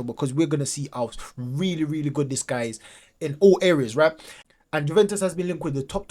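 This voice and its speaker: A man hosting a fan channel, commenting casually and excitedly over highlight clips, often repeating himself and restarting sentences. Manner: excitable, repeats phrases, many restarts and fillers. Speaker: football fan channel host.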